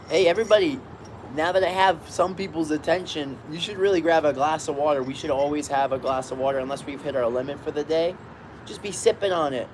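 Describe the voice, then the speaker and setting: Upbeat man, slightly high voice, chatting casually to viewers from a balcony hammock, street sounds audible behind. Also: slight background noise. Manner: rambling, upbeat, greets viewers by name. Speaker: live-stream host. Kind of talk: casual live-stream chat. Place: outdoors on a balcony, lying in a hammock.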